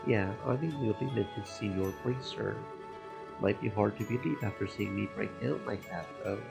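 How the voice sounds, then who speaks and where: A man's voice: lowish voice, moderate pace, creaky. A man voicing a spirited, blunt young woman fighter who answers skeptically. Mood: frank. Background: game music.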